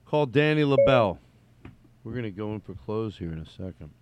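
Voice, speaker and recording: A man's voice: on the low side, expressive, a little fast, heavy background noise. A man hosting a show, commenting on old commercials in a wry, rambling way with some swearing. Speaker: host. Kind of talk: casual commentary.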